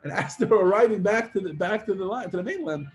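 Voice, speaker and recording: A man teaching a class, telling a long parable with lively acted-out voices and casual fillers. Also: high voice, fast talker, faint music behind. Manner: animated storyteller, acts out characters with many fillers. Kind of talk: storytelling lesson to students.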